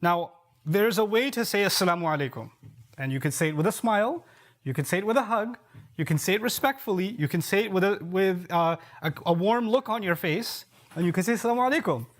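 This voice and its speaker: A man preacher giving a sermon, explaining verses through rhetorical questions and repeated key points, with quick Arabic recitation. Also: sits high, expressive.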